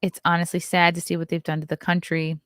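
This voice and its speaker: A woman's voice: lowish voice, completely flat delivery, fast, a bit bright, no echo, clean studio sound. A woman hosting a casual live stream, reading news aloud and adding sarcastic asides to her chat. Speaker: show host.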